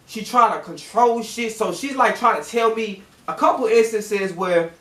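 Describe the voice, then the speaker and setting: A man's voice: high-pitched, normal speed, sharp tone. A man telling a casual storytime in a heated, profane rant that acts out both sides of an argument. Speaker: storytime vlogger. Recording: roomy echo.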